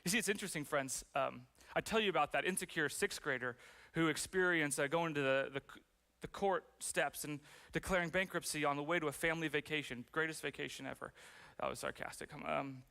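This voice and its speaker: Pastor guy giving a sermon, bright voice, pretty high, chatty and jokey. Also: fairly quick. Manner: conversational, self-deprecating, with fillers and playful asides.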